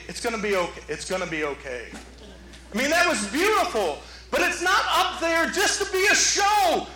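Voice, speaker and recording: A man preaching a sermon as pastor, animated, rising to shouts and dropping into playful asides. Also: very high voice, roomy sound, low-quality recording. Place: church sanctuary.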